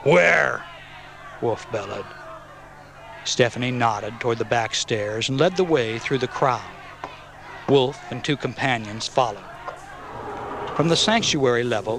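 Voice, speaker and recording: A man's voice: medium pitch, moderate pace, noisy background. A man narrating a dramatic audiobook story.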